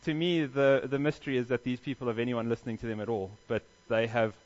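A man's voice: mid-range voice, fairly even intonation, quick pace, a little mellow, highs cut off. A man preaching a sermon as pastor, earnest, with emphatic stresses and rhetorical questions.

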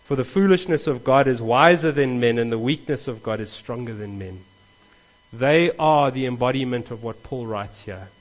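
A man delivers a sermon from the pulpit in an earnest, animated way, his voice lifting for emphasis. His voice sits at an ordinary pitch for a man. The recording sounds a little dull and muffled. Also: moderate pace. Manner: earnest, animated preaching with rising emphasis and restarts. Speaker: pastor.

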